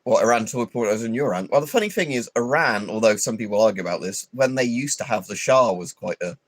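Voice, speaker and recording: A man's voice: lowish voice, fast talker, no room sound. A man hosting a livestream, rambling and swearing in an opinionated, casual chat full of fillers. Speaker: livestream host.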